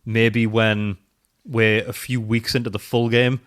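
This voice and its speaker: A man's voice: on the low side, little pitch movement, unhurried, a bit bright, smooth. A man co-hosting a podcast in casual, self-deprecating chat. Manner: chatty, self-deprecating, trails off and restarts. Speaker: podcast co-host.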